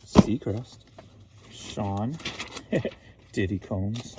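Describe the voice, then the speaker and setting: A man's voice: medium pitch, big pitch swings, unhurried, vocal fry, long pauses, very noisy. A man from St. Louis, Missouri, chatting casually at home, joking and riffing playfully on names as he goes. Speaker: online reseller. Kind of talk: casual rambling chat.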